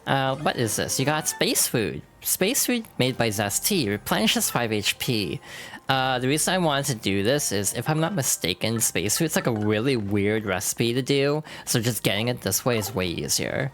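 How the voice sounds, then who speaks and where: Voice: medium pitch, expressive, normal speed, a bit bright. A streamer chats casually through a video game session, often correcting themself mid-sentence. Light music plays faintly underneath. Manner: chatty, self-correcting asides. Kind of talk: casual gameplay commentary.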